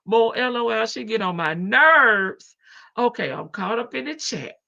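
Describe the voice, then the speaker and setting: A woman hosts a casual livestream, her voice bright and a touch high. She talks in a sassy, chatty way, laughing easily and calling her viewers baby. The stream audio sounds a little dull and muffled. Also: expressive, a little slow, vocal fry. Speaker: livestream host.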